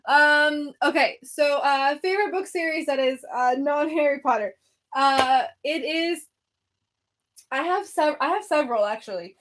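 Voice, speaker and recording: Young woman, high voice, breathless, chatty book livestreamer at home. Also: lively intonation, moderate pace, fairly bright tone. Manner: breathless, chatty, many fillers and restarts. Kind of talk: casual livestream chat. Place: home room by her bookshelves.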